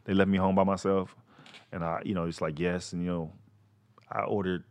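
A man telling stories in casual comedic chat, slangy and animated, acting out quoted lines. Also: low-pitched, brisk.

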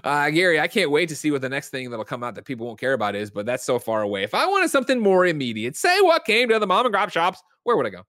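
A man hosting a podcast in casual chat, talking quickly with animated, swearing banter. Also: fairly high pitch, no room sound, studio quality. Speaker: podcast host.

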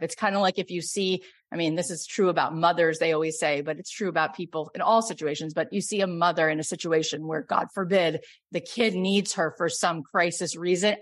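A middle-aged woman host coaching a caller, telling animated stories and then leading a soft guided meditation. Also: medium pitch. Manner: animated, storytelling, swings between excited and soft.

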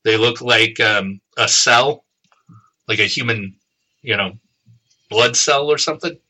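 A man co-hosting a podcast, casually retelling a novel's plot with profanity and quick voiced quotes. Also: medium pitch, pushed and bright, rough recording. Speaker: podcast co-host summarizing the book. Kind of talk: casual chat.

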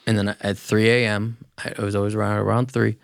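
A man's voice: fairly low pitch, little pitch movement, fairly quick, vocal fry, no room sound, clean studio sound. A man appearing as a podcast guest, talking bluntly and casually and swearing now and then. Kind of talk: casual conversation.

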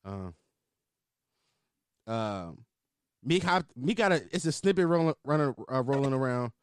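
Animated young man riffing on a podcast. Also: medium pitch, unhurried, slight background noise. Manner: animated, profane, laughing riffs. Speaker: podcast host. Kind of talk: casual comedic commentary.

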